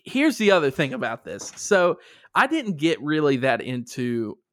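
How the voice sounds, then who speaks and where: A young man, co-hosting a casual podcast chat, an animated storyteller who laughs often and acts out quotes. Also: fairly high pitch, moderate pace, dry recording. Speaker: podcast co-host.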